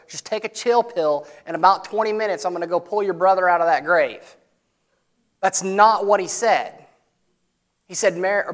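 A male pastor, preaching a sermon in a conversational way that swings from loud emphatic lines to soft, low asides.

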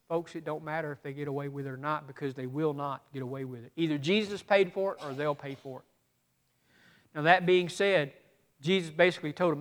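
A man preaching a sermon as pastor, swinging from loud emphatic preaching to hushed asides. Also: fairly high pitch, normal speed.

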